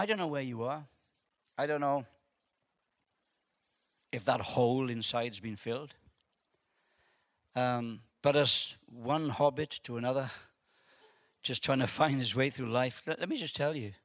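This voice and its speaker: A man preaching a testimony sermon, telling his story with animated, halting repeats and dropping softly into an invitation to pray. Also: medium pitch, no echo, studio quality.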